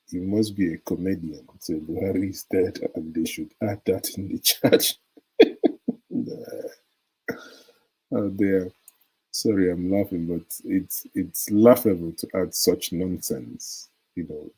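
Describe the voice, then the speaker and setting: Nigerian guy hosting a live stream, low husky voice, chatty and laughing a lot, reads out comments. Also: a little mellow, poor audio. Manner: chatty, laughs often, drifts into stories. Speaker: live show host. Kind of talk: live-stream chat reading viewer comments.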